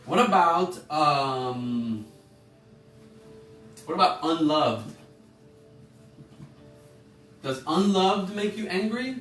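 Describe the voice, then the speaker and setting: A man's voice: on the high side, lively intonation, drawn-out words, pauses often, a bit bright. Rambling male course teacher in an echoey room. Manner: rambling, self-correcting, asks listeners questions. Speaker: emotional intelligence course teacher. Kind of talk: informal online class talk. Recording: echoey room, a bit far from the mic, faint music.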